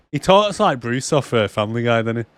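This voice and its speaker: A man's voice: mid-range voice, lively intonation, moderate pace, a bit bright, no echo. A young man, co-hosting a casual film podcast, laughing a lot and acting out lines in silly voices. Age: young adult. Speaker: podcast co-host. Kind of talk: casual film review chat. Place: cold room.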